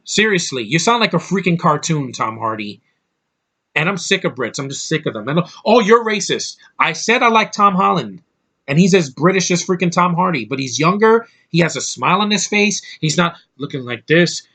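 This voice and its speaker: Bright-voiced man ranting angrily. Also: on the high side, sing-song, a little fast. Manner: angry, profane, rambling. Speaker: movie reviewer. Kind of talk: ranting movie review.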